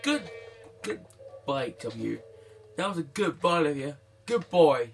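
A man hosting a let's play, chatting to viewers and his pet and exclaiming excitedly at what happens in the game. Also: on the high side, a little slow, vocal fry, music in the background. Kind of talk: gaming commentary.

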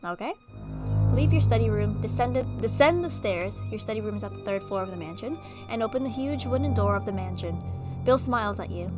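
A woman reading an interactive horror story game aloud and breaking off for animated, chatty reactions. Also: medium pitch, fairly quick, music in the background. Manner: animated, chatty asides between narration. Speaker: gaming video creator.

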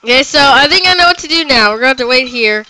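A man giving excitable let's play commentary, groaning and yelling at the game as things go wrong. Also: very high voice, very fast, no echo, rough recording. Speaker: gamer.

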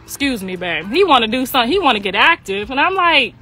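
A middle-aged mother telling a long family story in a casual, laughing way, slipping in quick acted-out voices. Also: a little high, slightly rough, faint music behind. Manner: animated, laughing, slangy, acts out voices.

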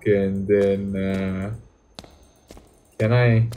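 A man's voice: fairly low pitch, flat delivery, extremely slow, dark tone, slight background noise. A young man, commenting jokingly on a horror game as he plays and talking back to its characters. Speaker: gaming YouTuber.

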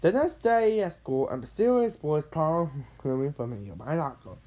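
A woman narrating a children's storybook read-along with expressive, dramatic delivery. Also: deep voice, moderate pace.

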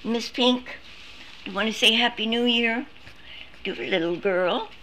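A woman's voice: on the high side, measured pace, pushed and bright, slight background noise. A woman streaming live on her phone, chatting casually and cooing in baby talk to a litter of puppies. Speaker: service dog puppy caretaker streaming a litter.

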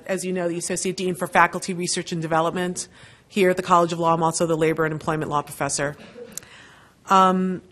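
Low-voiced woman introducing a lecture. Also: a bit bright. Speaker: law school dean introducing a lecture. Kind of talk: formal lecture introduction with personal anecdotes. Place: lecture hall.

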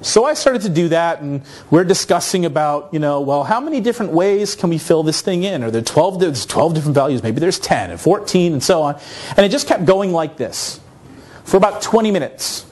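A man from North America giving a conference talk, telling a story in an animated, self-mocking way. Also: fairly high pitch, fairly quick. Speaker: conference speaker.

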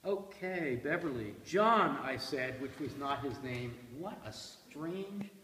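Bright-voiced man leading a seminar. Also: medium pitch, takes it slowly. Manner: lively, playful questioning. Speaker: seminar leader. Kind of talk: leading a poetry discussion. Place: classroom. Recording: echoey room from a distance, faint hiss.

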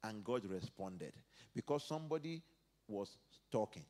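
A male pastor preaching a sermon, dropping to soft asides and rising to loud emphatic peaks as he reads and acts out scripture. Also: fairly low pitch, lively intonation, a little slow. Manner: preaches verse by verse, acting out biblical speakers.

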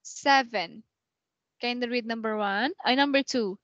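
A woman teaching an English lesson over a video call, patient and repeating words slowly as she counts syllables. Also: on the high side, a bit bright, no room sound, highs cut off. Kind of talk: online one-on-one lesson.

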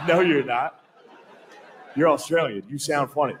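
A man's voice: fairly high pitch, takes it slowly, long pauses. A man doing a stand-up set, with a laid-back, crude and self-mocking delivery. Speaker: stand-up comedian. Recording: live set with steady background noise.

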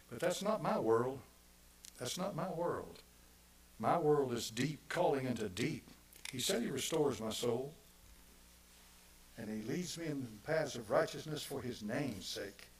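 Preaching man, quiet asides then loud. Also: medium pitch, a little hiss or hum, rough recording. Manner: repeats phrases for emphasis. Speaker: pastor. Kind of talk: sermon.

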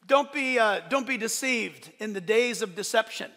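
A man preaching a sermon to his church, animated and swinging from loud declarations to soft, joking asides. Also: high-pitched, moderate pace, big-room sound. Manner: playful, joking asides to the congregation. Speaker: pastor. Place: church service.

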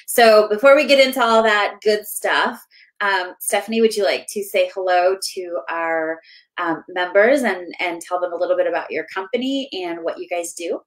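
A woman's voice: fairly low pitch, normal speed, low-quality recording. A woman hosting a members' webinar interview as a business finance coach, speaking enthusiastically and with many fillers.

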